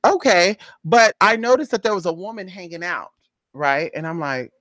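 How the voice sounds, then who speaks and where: A woman's voice: lowish voice, animated, normal speed, fairly bright tone, no room sound. A woman telling a neighborhood story in a casual, gossipy vlog. She talks animatedly, acts out other people's voices, and keeps calling the viewer "girl" and "honey". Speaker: spiritual reader and vlogger.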